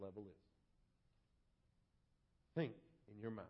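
A male pastor preaching a sermon, animated and acting out quoted voices. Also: high-pitched, measured pace, in a large hall. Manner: animated, acts out quoted voices and shouts for effect. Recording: dull lo-fi sermon audio.

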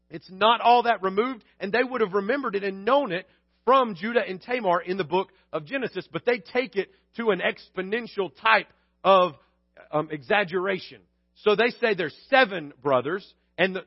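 A man's voice: high voice, dry recording, lo-fi sound. A man preaching a sermon in a conversational way, acting out quoted lines with humor. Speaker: pastor.

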